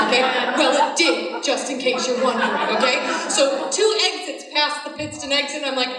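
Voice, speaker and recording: Woman telling a funny story onstage, acts out the voices, kinda high voice, far off in a big echoey hall. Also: moderate pace, few pauses, a loud crowd. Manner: animated, self-mocking storyteller who acts out dialogue. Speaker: keynote speaker. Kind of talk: storytelling talk to an audience. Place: large hall with audience.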